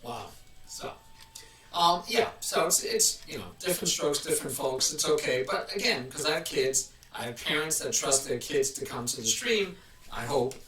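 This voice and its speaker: A man hosts a casual live stream, rambling and frequently restarting his sentences. His voice is on the high side, bright and forceful, with lively intonation at normal speed. The roomy recording, taken with the mic at a distance, carries a little hiss or hum.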